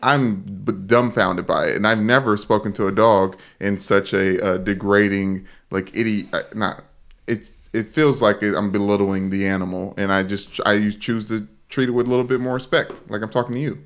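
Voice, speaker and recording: Male sports podcast co-host, low voice, dry deadpan wit. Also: moderate pace. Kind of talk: casual sports chat.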